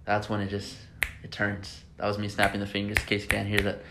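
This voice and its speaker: Young man telling excited stories. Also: fairly low pitch, racing, creaky, background noise. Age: young adult. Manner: excitable storytelling, swears freely. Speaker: podcast host. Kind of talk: casual chat.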